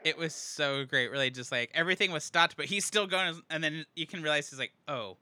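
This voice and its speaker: A man's voice: on the high side, brisk, bright, forceful tone. A man co-hosting a podcast, playfully acting out lines from a movie as he jokes. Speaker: podcast co-host. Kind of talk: casual movie review chat.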